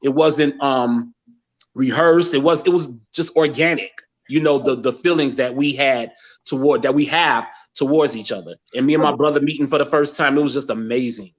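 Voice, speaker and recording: A middle-aged man from Gary, Indiana, telling an emotional personal story as a guest, animated, with many restarts. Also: mid-range voice, normal speed, muffled recording. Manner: animated, quotes relatives in a raised voice, many restarts.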